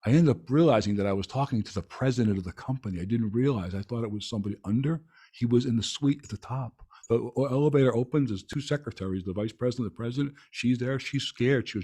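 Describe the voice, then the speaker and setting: A man's voice: mid-range voice, quick pace, mellow, husky. A man hosting a podcast, chatting casually and telling a long story with many restarts and fillers. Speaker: podcast host. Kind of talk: casual interview chat.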